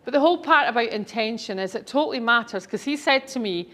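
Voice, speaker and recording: A middle-aged woman speaker with a slightly high voice shares a personal story with an audience. Her delivery is chatty and enthusiastic, full of asides. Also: lively intonation, fast talker, a bit bright. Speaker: speaker and author.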